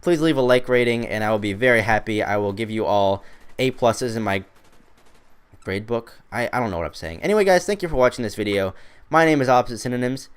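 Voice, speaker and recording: A man's voice: mid-range voice, lively intonation, fairly quick, smooth. A teenage boy rambling through a school story over gameplay commentary, chatty and self-mocking. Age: teens. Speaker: gaming commentator.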